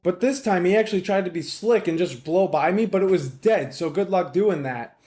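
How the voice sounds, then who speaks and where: A male podcast host carries a one-man show with a voice pitched a little higher than most men's. He wanders from point to point, swearing casually and tossing off sarcastic asides. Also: normal speed, a little mellow. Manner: rambling, profane, wisecracking. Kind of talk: casual solo podcast monologue.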